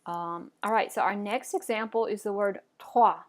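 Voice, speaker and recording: A woman teaching French pronunciation, modelling words clearly and encouraging learners to repeat after her. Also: mid-range voice, fairly even intonation, normal speed. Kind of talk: pronunciation lesson.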